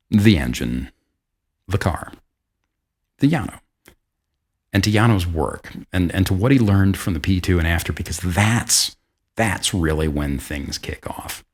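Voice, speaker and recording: A man with a low, deep voice hosts a podcast and tells a history story in his own casual way. He talks in a chatty, self-deprecating style, full of asides and quick restarts. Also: creaky, slightly rough. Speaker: podcast host.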